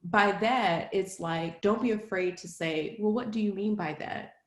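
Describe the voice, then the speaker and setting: A woman appears as a podcast guest in a casual interview, chatty and lively, laughing often and sprinkling "like" throughout. Her voice is medium-pitched and unhurried. The recording has a roomy echo.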